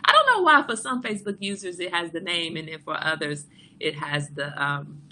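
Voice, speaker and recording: A woman's voice: on the low side, expressive, a little fast, bright, forceful tone, a little hiss or hum. A woman in her forties hosting a livestream, chatting frankly and jokingly with viewers and reading out their comments. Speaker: livestream host. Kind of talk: casual chat with live viewers.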